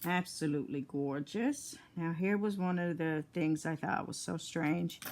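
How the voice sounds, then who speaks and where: Slow, low-voiced older woman. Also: darkish tone, a little hiss or hum. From Newfoundland, Canada. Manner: chatty, rambling, homey. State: tired, yawning. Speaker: crafting vlogger. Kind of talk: casual chat while crafting.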